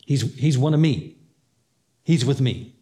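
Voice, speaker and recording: In a mellow, medium-pitched voice, this male pastor speaks animatedly but a little slowly. He keeps the sermon conversational, voicing characters' dialogue and repeating phrases to stress them.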